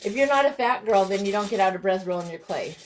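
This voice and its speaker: A woman's voice: medium pitch, lively intonation, fast, slight background noise. Middle-aged woman, live craft host, chatty, keeps saying "you guys", greets viewers, home craft room. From Montana.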